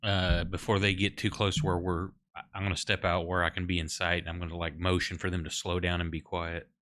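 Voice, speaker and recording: A man's voice: deep voice, flat delivery, fairly quick, fairly bright tone, no room sound. A man playing in a tabletop game, stating his character's moves in a plain, earnest way. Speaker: player.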